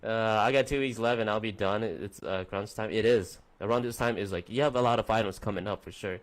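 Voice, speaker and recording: A man's voice: fairly low pitch, fairly quick. A young man hosting a casual podcast stream, chatting loosely with viewers in a rambling, profane way. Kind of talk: casual chat with live chat viewers.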